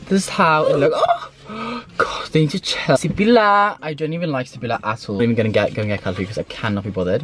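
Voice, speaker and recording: A man, rambling excitedly and swearing freely as he reviews fast food from his car. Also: medium pitch. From Sweden. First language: Swedish. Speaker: food vlogger. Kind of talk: casual food review vlog. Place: in a car while driving.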